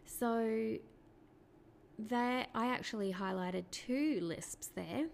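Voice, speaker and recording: A woman speech therapist explaining to parents in a clear, patient teaching talk, asking rhetorical questions along the way. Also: a little high, takes it slowly, a little hiss or hum.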